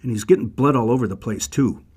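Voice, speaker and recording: A man's voice: mid-range voice, quick pace, dark tone, lightly acted. A man voicing a hesitant Roman guard who stammers with fillers.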